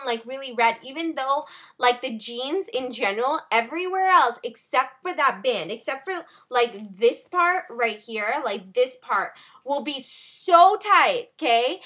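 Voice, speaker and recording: A young woman vlogging in a casual rant, animated and full of "like" and "okay" fillers, tired from little sleep. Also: high-pitched. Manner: animated, talks fast with many "like" and "okay" fillers.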